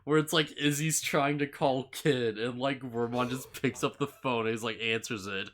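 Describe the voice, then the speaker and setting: A man's voice: medium pitch, fairly even intonation, moderate pace, a bit bright. A man co-hosting a casual podcast, recapping anime episodes in a rambling way, full of "like" fillers and laughter. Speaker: podcast co-host.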